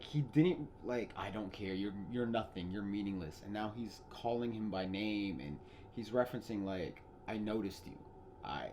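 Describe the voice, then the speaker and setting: A young man hosting a casual podcast, excitedly retelling movie scenes, swearing freely and restarting his sentences. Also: medium pitch, slight background noise. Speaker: podcast host. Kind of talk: casual spoiler chat.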